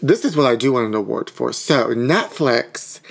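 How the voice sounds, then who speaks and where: A man from a small town near Pittsburgh, co-hosting a podcast and telling stories in a campy, animated way with quick asides. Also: mid-range voice, vocal fry. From small town outside Pittsburgh and West Virginia panhandle. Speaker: podcast co-host. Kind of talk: casual chat.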